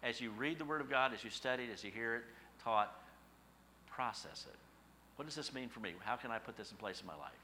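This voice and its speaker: A man's voice: medium pitch, expressive, fairly quick, bright, forceful tone, slight background noise. A middle-aged man, a pastor, preaching a sermon with folksy stories and rhetorical questions.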